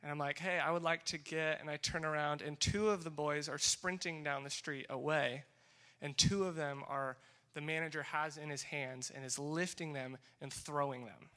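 A young man giving a testimony talk to a group, animated and acting out the dialogue as he tells the story. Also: on the high side, moderate pace, hardly any pauses. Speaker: speaker sharing a mission trip story.

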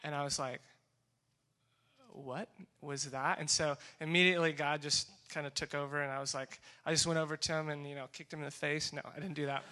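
Young male speaker, bright tone, lively story talk acting out each exchange. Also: fairly high pitch, fairly quick. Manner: animated storytelling with acted-out dialogue. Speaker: speaker sharing a mission trip story. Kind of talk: testimony talk to a group.

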